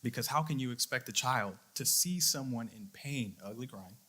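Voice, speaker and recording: A man's voice: medium pitch, animated, normal speed, bright, forceful tone, husky. A young adult man, a youth leader, giving a sermon, telling a personal story in an earnest way and acting out his own thoughts. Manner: earnest storytelling with quoted inner voice.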